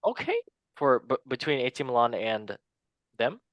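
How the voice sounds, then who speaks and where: A man hosting a casual football chat show, playful and joking as he runs through results. His voice sits at an ordinary pitch for a man, and it sounds close and dry. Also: sing-song, normal speed, fairly bright tone, no room sound, lo-fi sound. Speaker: host.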